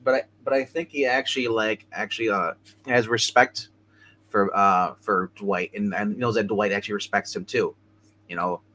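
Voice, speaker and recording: Male co-host, bright and forceful voice, rambling episode recap full of restarts. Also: on the low side, steady tone, low-quality recording. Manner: rambling, halting, many restarts. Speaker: show co-host.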